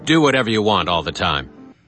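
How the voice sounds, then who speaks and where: A man voicing a bartender in a cartoon, speaking in a flat, matter-of-fact way. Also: fairly low pitch, a little fast, soft background music. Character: deadpan male cartoon bartender.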